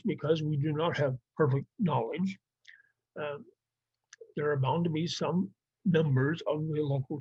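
Guy teaching bible class, really husky voice, kinda muffled dry recording. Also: fairly high pitch, a little mellow, no room sound. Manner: plain, explanatory, with fillers and restarts. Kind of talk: Bible survey lesson.

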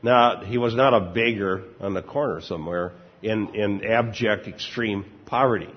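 An older man preaching a conversational sermon with a husky voice, informal and chuckling often. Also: lowish voice, normal speed. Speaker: pastor. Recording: dull lo-fi recording, long church reverb.

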